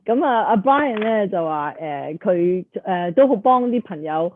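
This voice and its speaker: A woman hosting an interview, summarizing for viewers and pausing often to search for words. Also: medium pitch, animated, slight background noise. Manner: hesitant, with frequent filler sounds. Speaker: host. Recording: tinny phone-like line, dry.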